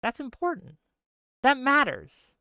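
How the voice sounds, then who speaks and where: A man's voice: extremely high pitch, wildly swooping pitch, measured pace, vocal fry, pushed and bright, dry recording, studio quality. A man hosting a live stream, ranting casually and sarcastically while reading out viewer comments.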